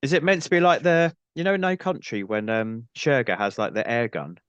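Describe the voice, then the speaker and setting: A man, a podcast guest talking about a film in a relaxed way with dry humour. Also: mid-range voice, moderate pace, clean tone, no room sound, lo-fi sound. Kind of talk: casual film discussion.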